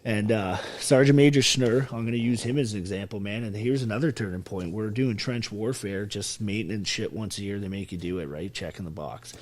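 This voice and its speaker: A man in his thirties, a former soldier from Canada, telling his life story in a casual interview with lots of swearing and animated retelling. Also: on the low side, brisk, hardly any pauses. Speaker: podcast guest, former soldier.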